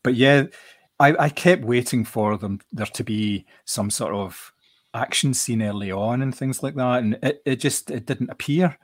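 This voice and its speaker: A man chatting casually about a film, relaxed and halting with many restarts. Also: medium pitch. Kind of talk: casual film review chat.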